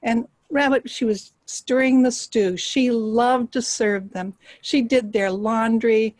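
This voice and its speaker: Expressive woman telling a folktale. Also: fairly high pitch, slow pace, dry recording, poor audio. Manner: expressive, drops to hushed whispers for suspense. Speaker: storyteller. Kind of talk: live oral storytelling.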